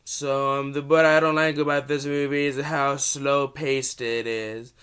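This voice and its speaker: Young guy with a cold rambling thru a movie review, smooth voice, kinda flat. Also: mid-range voice, measured pace. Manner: rambling, restarts, excited gushing. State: has a cold.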